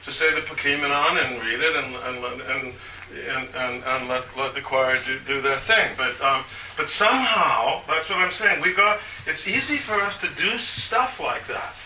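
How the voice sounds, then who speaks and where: An older man giving an informal talk to a small group, rambling and halting with many restarts. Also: medium pitch, expressive, pushed and bright. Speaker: speaker on church liturgy. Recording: echoey room from far off, faint hiss.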